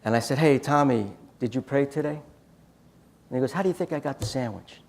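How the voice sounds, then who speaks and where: Man, gravelly voice, conference speaker, animated storytelling, acts out dialogue. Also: mid-range voice, brisk. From United States. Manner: animated anecdotes with quoted dialogue. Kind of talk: storytelling talk.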